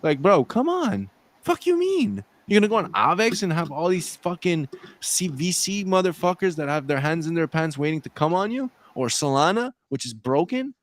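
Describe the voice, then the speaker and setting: A man's voice: on the high side, normal speed, dry recording. Guy ranting and cussing about crypto, voice jumps all over, dry close sound. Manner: profane, ranting, animated. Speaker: co-host. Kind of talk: casual crypto show chat.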